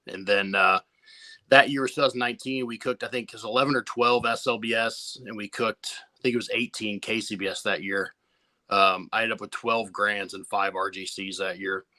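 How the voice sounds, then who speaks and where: A barbecue competitor tells his story to a podcast host in a laid-back interview, swearing freely and often restarting sentences. His lowish voice is steady, a little fast, pushed and bright. The recording is dry.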